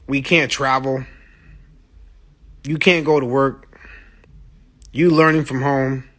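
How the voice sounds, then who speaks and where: Taking it slowly, a man with a medium-pitched, fairly bright voice and fairly even intonation talks on a phone livestream. He's a musician speaking to fans in a casual monologue, blunt, profane and passionate, answering viewer comments as they arrive.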